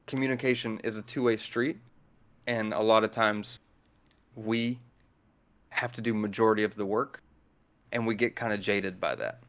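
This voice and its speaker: A man with a lowish, slightly bright and smooth voice appears as a guest in a casual chat. He carefully and patiently explains how he manages his speech.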